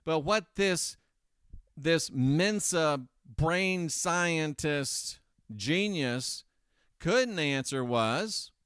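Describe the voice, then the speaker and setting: A man's voice: a little high, fairly bright tone, clear, resonant tone, no echo, clean studio sound. A man hosting a casual commentary monologue, sarcastic and rambling with self-correcting asides. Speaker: host.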